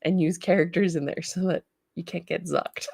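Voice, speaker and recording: A bubbly woman with a Canadian accent hosts a relaxed livestream, laughing easily and chatting with her viewers. Her voice sits a little low. The sound is close and dry, with no room echo. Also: moderate pace, vocal fry, husky. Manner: bubbly, reads chat comments aloud and laughs often. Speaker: livestream host, studio owner. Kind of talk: casual livestream chat.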